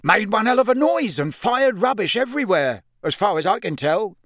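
A man reads a harried middle-aged wizard official in a storybook, pressing and complaining. The voice sits a little high and sounds dry and close. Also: very animated, normal speed, fairly bright tone, dry recording, heavily acted. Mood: urgent.

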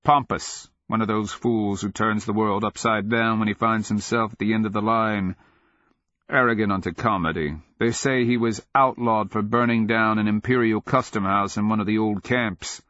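A man voicing a wry, contemptuous male companion who mocks and baits, pitched higher than his own voice, on a dull lo-fi recording. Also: steady tone, normal speed, fairly bright tone, dry recording, close to an everyday voice. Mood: scornful. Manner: mocking, cheerful jabs.

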